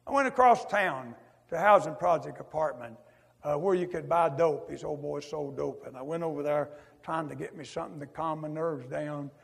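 A man giving a testimony sermon in a folksy drawl, swinging from loud to hushed and dropping in "amen" asides. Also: on the high side, moderate pace, gravelly, breathy edge. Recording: echoey hall.

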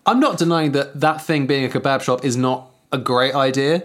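A man's voice: mid-range voice, normal speed, a bit bright. A man hosting a casual comedy podcast, joking around and reading out listener prompts. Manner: jokey, laughs often, reads listener prompts. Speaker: podcast host.

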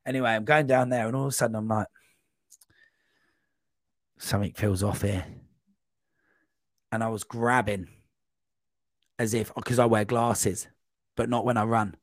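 A man's voice: mid-range voice, fairly quick, dry recording. Dry-sounding man telling a rambling story. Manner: rambling, animated anecdote with quoted voices. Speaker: podcast guest. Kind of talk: casual storytelling.

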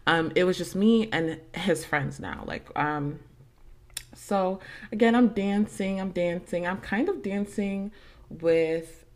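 A woman's voice: fairly low pitch, slow. A young adult woman hosting a podcast, telling a personal story in a casual, chatty way, swearing freely and using lots of fillers. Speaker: podcast host.

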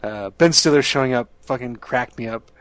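A man's voice: medium pitch, normal speed, dry recording. A man chatting casually as a podcast co-host, rambling, laughing often and swearing freely. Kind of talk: casual chat.

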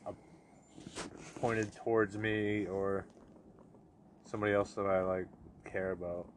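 Young male co-host, low relaxed voice, jokey, light hiss behind. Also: a little slow. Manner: joking, laid-back, trails off quietly. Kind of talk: casual chat.

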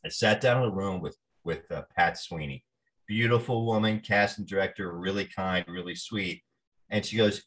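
Animated New man telling stories. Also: deep voice, normal speed. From New Jersey. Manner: animated storyteller, acts out quoted voices. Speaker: actor guest. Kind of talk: storytelling interview.

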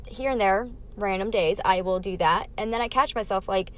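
A woman's voice: mid-range voice, fast, few pauses. A young adult woman hosting her own podcast, talking candidly through a numbered list of life lessons in a casual, emphatic way. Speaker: podcast host.

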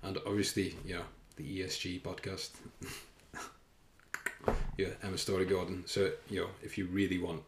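Brief: male fitness coach, solo podcast, deep voice, rambling and self-conscious, echoey room. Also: level tone, normal speed, heavy background noise. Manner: rambling and self-conscious, with frequent fillers and swearing. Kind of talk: casual solo podcast chat. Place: room indoors, filming himself. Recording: roomy echo.

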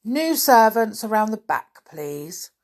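A woman's voice: fairly high pitch, very animated, takes it slowly, darkish tone, voice pushed up, exaggerated voice. Curt, stuffy storybook castle guard, a woman reader doing him. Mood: dismissive. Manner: curt and dismissive. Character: stiff, snooty male castle guard.

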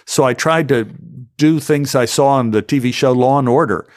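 Speaking at medium pitch and an ordinary speed, this middle-aged man from the United States is an actor guest yarning through a storytelling interview on a podcast. He's animated, putting on goofy voices for the quotes.

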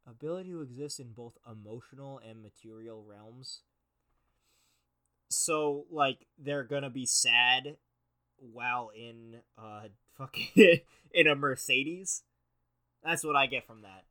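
Bright-voiced sarcastic young man ranting. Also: medium pitch. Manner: profane, sarcastic, mocking reading aloud. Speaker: podcast host. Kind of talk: casual comedic commentary.

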